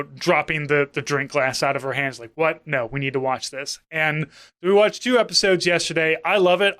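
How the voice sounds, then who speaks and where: A man in his thirties from St. Louis talks loosely on a podcast, swearing often and circling back on his own sentences. His voice is bright and smooth, sitting a little high for a man. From St. Louis, Missouri. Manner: rambling, profane, self-interrupting. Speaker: podcast co-host. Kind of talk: casual chat.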